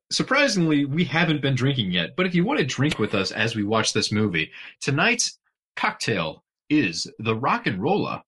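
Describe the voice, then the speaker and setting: A male podcast host with a husky, bright voice chats casually through a movie commentary. He is jokey and giggly, and his pitch leaps around constantly.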